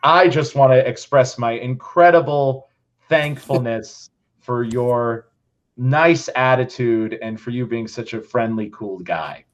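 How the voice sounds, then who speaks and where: A young man who teaches, hosting a casual podcast and telling a story with animated, playful reenactments of his own thoughts. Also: mid-range voice, slow. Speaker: podcast host. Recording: slightly dull lo-fi sound.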